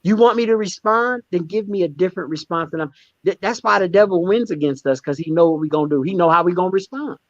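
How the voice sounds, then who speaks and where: A man in an interview, telling his stories candidly in an emphatic, animated way. His voice sits a little high, and he often repeats himself as he restarts a thought. The sound is dry and somewhat muffled. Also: fast talker, dry recording. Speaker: stand-up comedian and guest. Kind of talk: candid conversational storytelling.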